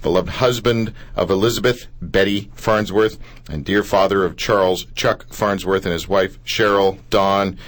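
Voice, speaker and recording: Lower-voiced radio host. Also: male voice, measured pace. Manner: animated, stumbling restarts. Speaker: radio talk show host. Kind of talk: live radio interview. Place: radio studio.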